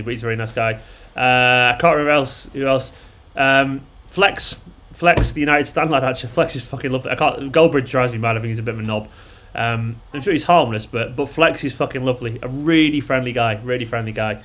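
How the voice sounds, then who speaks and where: A man's voice: medium pitch, steady tone, quick pace, a bit bright. A man hosting a fan live stream, chatting casually and bluntly, swearing and rambling with lots of fillers. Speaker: fan channel host.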